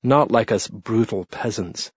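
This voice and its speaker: A man's voice: on the low side, a little slow, husky, dry recording. A man voicing a defiant, blasphemous peasant assassin who taunts his captors with weary contempt, in an audiobook reading. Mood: contemptuous defiance. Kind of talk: audiobook narration. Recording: dull lo-fi dry read.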